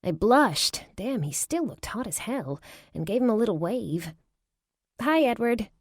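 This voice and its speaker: Woman reading a romance audiobook, mid pitch, dry close mic, playful. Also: very animated, unhurried, breathy edge, no echo. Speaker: audiobook narrator. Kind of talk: first-person audiobook narration.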